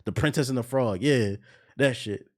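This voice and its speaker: A man's voice: mid-range voice, moderate pace, a little mellow. A young man streamer ranting in casual, profane commentary, now and then mocking voices.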